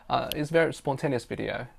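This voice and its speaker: Over quiet guitar music, a man from China, Mandarin being his native tongue, chats through a personal story in English, sprinkling in fillers like "you know" and "um." He is an interpreter and storyteller with a mid-range voice and vocal fry, and there's a little hiss or hum in the recording.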